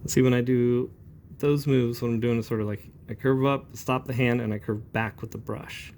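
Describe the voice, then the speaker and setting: Mellow-voiced man talking through inking. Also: mid-range voice, moderate pace, a little hiss or hum. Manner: relaxed, rambling, calm and chatty. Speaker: comic book inker. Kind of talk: talking while demonstrating brush inking.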